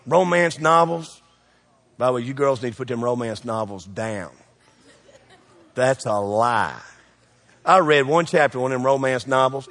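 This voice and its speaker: Pastor, man, lively joking preacher who quizzes the crowd, higher-pitched voice, long hall echo. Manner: preachy and joking, quick shifts in loudness, call-and-response questions. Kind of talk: sermon.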